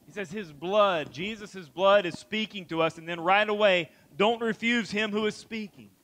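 A man's voice: high voice, normal speed, a bit bright, poor audio. A man preaching a sermon to his church, emphatic, repeating phrases and asking rhetorical questions. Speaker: pastor.

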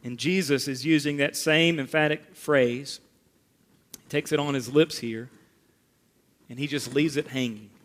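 A man preaching a sermon as pastor, emphatic, rising for stress and dropping low and quiet to make a point. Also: unhurried, pauses often. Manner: emphatic, rises and drops for effect.

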